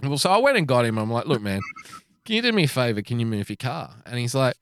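A man's voice: mid-range voice, big pitch swings, fast talker, a bit bright, clean tone, dry recording, clean studio sound. A man telling a story in casual chat, swearing and acting out the people he quotes.

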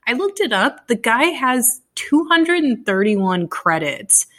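A woman co-hosting a podcast, chatting casually about a film with quick asides. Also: a little high, sing-song, fairly bright tone. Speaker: podcast co-host.

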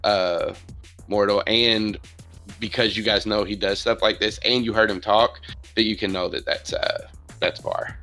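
A man's voice: fairly low pitch, steady tone, moderate pace, pushed and bright, faint music behind. A man narrating as game master in a casual tabletop role-playing session, often laughing.

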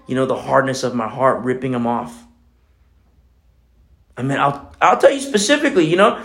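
A man's voice: fairly high pitch, a bit bright. A man preaching a casual, conversational sermon in church, telling a personal story with many fillers. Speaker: pastor.

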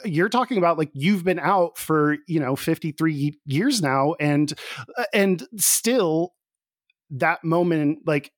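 A man's voice: fairly high pitch, lively intonation, slow, no room sound, studio quality. A man hosting a podcast in casual chat, rambling and searching for words with many fillers. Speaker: podcast host.

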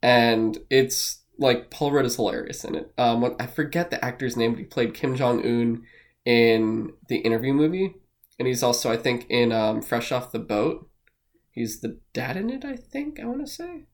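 Excitable male co-host, rambles, curses freely, casual podcast chat. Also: medium pitch, moderate pace. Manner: rambling, excitable, swears often.

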